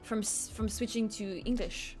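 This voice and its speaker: A woman's voice: on the high side, fairly even intonation, normal speed, darkish tone, soft background music. A woman chatting as a guest, bubbly and eager, tossing in foreign phrases. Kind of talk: casual video-call chat.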